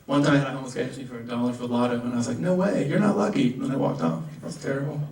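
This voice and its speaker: A man's voice: medium pitch, darkish tone. Southern man doing stand-up in a club. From American South. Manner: rapid asides, acts out characters in raised voices. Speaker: stand-up comedian. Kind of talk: stand-up comedy set. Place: comedy club. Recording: roomy club audio from a distant mic.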